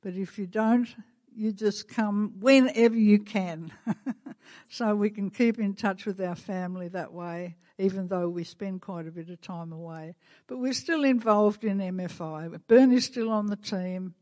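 A woman's voice: mid-range voice, normal speed, warm tone, dry recording. An older woman with an Australian accent, speaking as a guest at a church and laughing often as she chats. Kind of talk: church talk.

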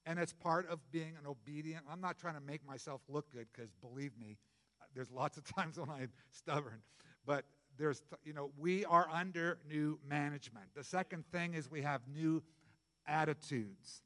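A middle-aged male pastor preaching a sermon in a conversational, jokey way, jumping from loud bursts to soft asides. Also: fairly high pitch, normal speed, big-room sound.

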